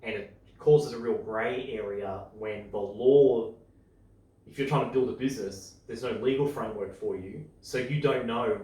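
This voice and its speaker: Excitable man in an echoey room. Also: mid-range voice, far from the mic. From Australia. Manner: excitable, opinionated, speeds up and slows down. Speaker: podcast host. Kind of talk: casual chat.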